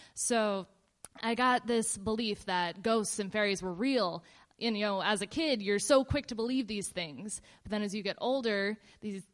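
Woman telling a story with a smooth voice. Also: medium pitch. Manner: relaxed, meandering, with fillers and pauses. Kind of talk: casual personal storytelling.

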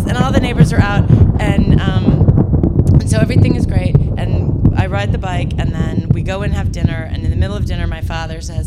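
A woman's voice: lowish voice, fairly even intonation, fairly quick, heavy background noise. A woman from the East Coast of the US telling a personal story before an audience, conversational and self-deprecating, often restarting her sentences.

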